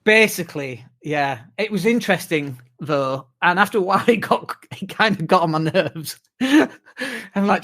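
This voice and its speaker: A British man co-hosting a podcast, chatting casually and tired from jet lag, telling animated stories with swearing and mimicked whoops. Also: sits high, normal speed. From United Kingdom. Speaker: podcast co-host. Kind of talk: casual chat.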